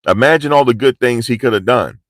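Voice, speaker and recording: Outdoors in cold, rainy weather, a male vlogger gives live, slangy street commentary, pushing his energy up as he goes. His voice is medium-pitched and fairly quick, with no room sound.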